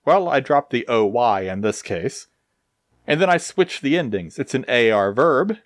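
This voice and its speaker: A man explaining grammar in a slow, deliberate recorded lesson, with touches of dry humor. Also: mid-range voice, lively intonation, no room sound. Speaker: Spanish teacher.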